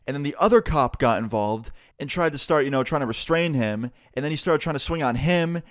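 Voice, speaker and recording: A young man telling a storytime vlog in a casual, animated way, swearing freely, recorded on a close mic. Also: on the high side, fairly quick, dry recording. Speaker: vlogger.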